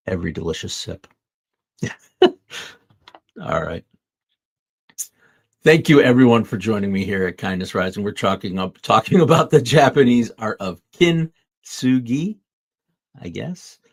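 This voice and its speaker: Earnest guy hosting a motivational show, really low voice, rambly asides. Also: animated, slow, pauses often, slightly rough. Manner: earnest, reflective, loose asides. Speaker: host. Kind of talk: motivational podcast monologue.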